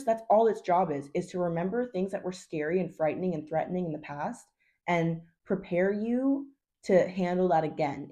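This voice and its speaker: A woman coach talks straight to camera in a loose, unpolished vlog style, blunt and peppered with swearing and endless "like"s. Her voice sits a little low, with a warm, mellow tone. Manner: blunt, chatty, swears, says 'like' constantly. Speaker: hormone health coach. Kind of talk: casual advice vlog.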